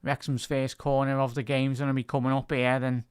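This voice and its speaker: A man's voice: medium pitch, little pitch movement, fairly quick, smooth, no room sound, clean studio sound. A man with a Liverpool Scouse accent giving live fan commentary on a football match, chatting with his viewers and laughing often. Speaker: football commentator and YouTube host.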